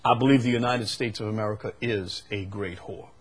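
Husky preacher with dramatic swings. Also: male voice, steady tone. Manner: swings from quiet, low asides to loud drawn-out proclamations; repeats phrases for emphasis and reads scripture aloud. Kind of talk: sermon.

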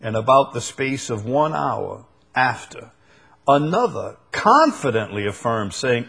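A male preacher with a New Orleans accent, reading scripture and explaining it verse by verse, deliberate and rising to emphatic bursts. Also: mid-range voice, gravelly, pushed and bright, slightly rough.

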